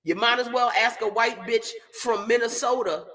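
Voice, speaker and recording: Loud, bright-voiced woman ranting comically. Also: on the high side, normal speed. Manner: loud, profane, rambling. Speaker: comedian hosting a live stream. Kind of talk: ranting comedic storytelling.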